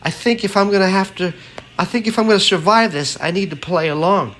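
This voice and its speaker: A frantic young woman shrieks in a high, breathless falsetto, as a male reader puts her on. The voice sits far above an ordinary man's register and sounds wound-up and desperate. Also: fairly quick, a bit bright, slight background noise. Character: frightened young woman, shrill and panicky.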